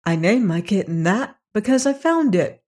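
A reader voicing a polite, inquisitive little girl in an audiobook, pitched a bit above the narration. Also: big pitch swings, moderate pace, darkish tone. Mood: curious. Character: polite, curious little girl traveling home. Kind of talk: audiobook character reading.

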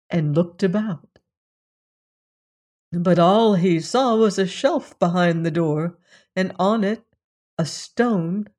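Slow storybook narrator, measured and even, for a fairy-tale reading. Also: medium pitch.

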